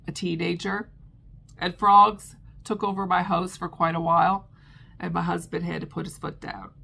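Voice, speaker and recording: A woman's voice: medium pitch, creaky, a bit bright. A middle-aged woman vlogger chatting casually about her crochet, with frequent ums and restarts. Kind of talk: casual chat.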